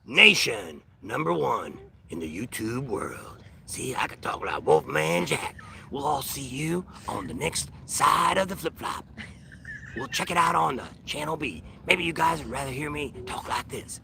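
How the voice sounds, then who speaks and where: A man putting on the slow, growly voice of a late-night male radio DJ. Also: fairly high pitch, animated, creaky, sharp tone, a little hiss or hum, exaggerated voice. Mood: hamming.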